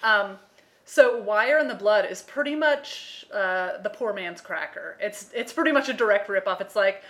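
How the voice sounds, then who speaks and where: A woman's voice: medium pitch, lively intonation, normal speed, a bit bright. An American woman co-hosting a podcast, chatting casually with lots of fillers and acting out quoted voices. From United States. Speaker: podcast co-host. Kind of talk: casual chat.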